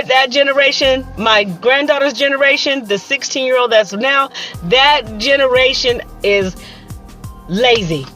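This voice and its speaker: A woman in her fifties telling stories in a casual monologue, animated and sassy, acting out the people she quotes. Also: mid-range voice. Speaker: vlogger.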